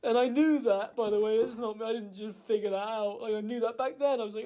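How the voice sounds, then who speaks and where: A man giving an emotional, halting spoken apology. He blames himself, pauses often and restarts his sentences. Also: very high-pitched, steady tone, mellow, dull audio. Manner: halting, self-blaming, full of pauses and restarts. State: emotional, choked up. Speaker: person recording a personal apology.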